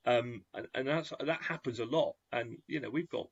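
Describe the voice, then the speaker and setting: A man's voice: medium pitch, moderate pace, slightly rough, no echo, dull audio. A man, a game retailer and fulfilment company owner, chatting in a podcast interview, full of restarts and repeated words and acting out bits of dialogue.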